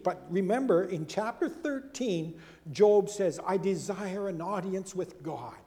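At a measured pace, a male preacher delivers his sermon in a mellow, high voice, animated and swinging freely up and down as he voices quoted speakers with big shifts in pitch and volume. He pauses for casual asides and rhetorical questions. A long, hall-like reverb surrounds his voice.

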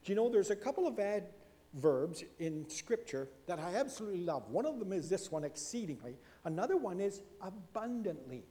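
A man from Canada preaching a sermon as a pastor, an animated storyteller who moves from loud emphasis to hushed asides. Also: high-pitched, moderate pace, long reverb tail.

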